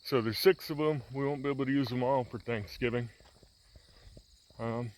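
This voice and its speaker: In a mid-range voice at a moderate pace, a farmer vlogger chats about farm chores as he walks outside, filming handheld. His walk-and-talk narration is relaxed and meandering, dotted with many fillers and restarts.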